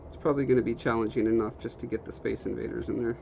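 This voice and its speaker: A man's voice: medium pitch, racing, vocal fry. A young man livestreaming from a home workshop, casually rambling and reading out viewer comments. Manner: relaxed, rambling, reads viewer comments aloud. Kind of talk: casual chat while working, reading chat. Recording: slightly dull stream audio with faint background noise.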